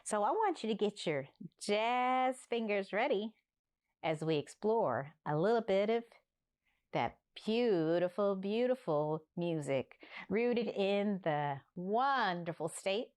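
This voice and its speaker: A woman from Newfoundland hosting a library story time, talking warmly and playfully straight to young children. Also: medium pitch. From Newfoundland, Canada. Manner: animated, coaxing, talks straight to young children.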